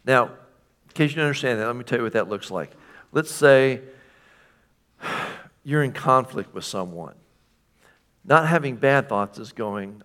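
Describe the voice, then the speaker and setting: A man's voice: medium pitch, lively intonation, unhurried, pauses often, a bit bright. A man preaching a sermon in a conversational way, often putting questions to the congregation. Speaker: pastor.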